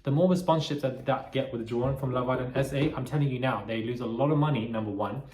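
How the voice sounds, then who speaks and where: A man's voice: medium pitch, fast talker, darkish tone, roomy sound. A man giving casual, opinionated commentary on reality TV as a channel host. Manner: chatty, opinionated, breaks into laughter.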